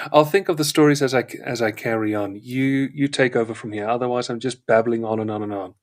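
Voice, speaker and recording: A man's voice: mid-range voice, steady tone, normal speed. A man from South Africa who speaks with a polished British-schooled accent, a guest telling stories in a rambling, wry way on a live chat show. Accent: British-educated English, not South African.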